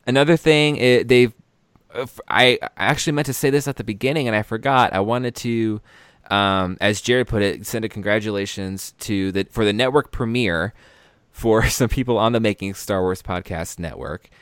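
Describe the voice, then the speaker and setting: A man's voice: on the low side, normal speed, fairly bright tone, clean tone, dry recording, studio quality. A man hosting a casual podcast, rambling and correcting himself in an upbeat way. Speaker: podcast host.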